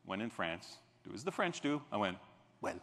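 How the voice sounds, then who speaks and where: A man giving a motivational keynote speech on a convention stage, telling a story and acting out the scenes with bursts of shouting. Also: lowish voice, big pitch swings, normal speed, gravelly, background noise. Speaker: keynote speaker. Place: large convention hall stage. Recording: reverberant convention hall.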